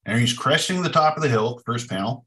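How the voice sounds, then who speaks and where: A man's voice: medium pitch, expressive, brisk, a bit bright. Man, workshop participant, casual and jokey, video call. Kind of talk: presenting his comic.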